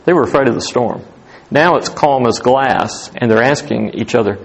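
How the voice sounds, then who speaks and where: A male pastor preaching a sermon with a gravelly, husky voice. He swings between emphatic raised lines and quiet, hushed ones. His voice sits at a middle pitch. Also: normal speed, rough recording. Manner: animated, rising to emphatic highs then dropping to hushed tones.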